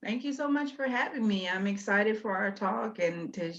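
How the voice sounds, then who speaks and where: A woman's voice: medium pitch, animated, moderate pace. Candid woman poet on a dull line. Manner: candid, chatty, laughing. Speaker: guest poet. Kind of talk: casual interview talk. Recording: dull, lo-fi sound.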